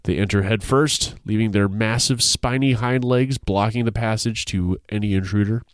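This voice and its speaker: A man with a smooth, resonant voice hosts a casual podcast chat, playful and quick to laugh. He is recorded close and dry, with almost no room sound. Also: fairly low pitch, dry recording. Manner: playful, laughs often, reads excerpts aloud. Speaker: podcast co-host presenting a segment.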